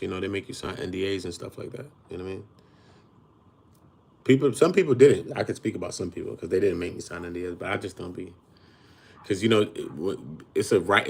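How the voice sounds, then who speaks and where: A man's voice: low voice, creaky, a little mellow, slightly rough. A man hosting a casual livestream, talking in a blunt, boastful way full of street slang. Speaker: livestream host.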